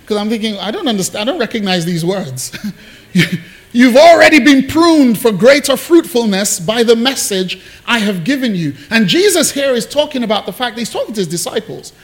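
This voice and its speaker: Male pastor, higher-pitched voice, conversational sermon delivery, playful asides, frequent repeats and restarts. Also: animated, fairly quick. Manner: conversational, joking with the congregation; repeats and restarts while searching for words.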